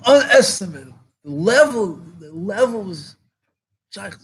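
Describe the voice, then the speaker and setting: High husky-voiced rabbi, impassioned. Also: male voice, sing-song, measured pace. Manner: impassioned, repeats phrases for emphasis, rising to exclamations. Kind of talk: farbrengen talk.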